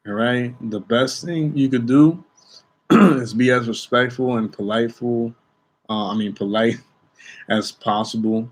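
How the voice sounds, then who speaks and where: A young man, an airport security officer, telling a work story to his viewers in a chatty way, often checking in with "okay?" and restarting his sentences. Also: medium pitch. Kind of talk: casual storytelling vlog.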